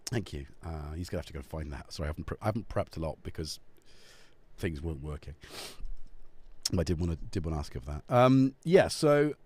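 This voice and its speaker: A man's voice: rumbling low, lively intonation, a little fast, a little mellow, a little hiss or hum. A man hosting a casual live stream, joking and rambling off topic at a studio mic. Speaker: livestream host. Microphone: studio dynamic mic.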